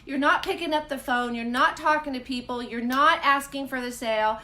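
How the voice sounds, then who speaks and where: A woman hosts a casual live coaching chat for women in business. She talks to her viewers directly and with emphasis. Her voice is high and bright. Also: fairly even intonation, moderate pace. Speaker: host.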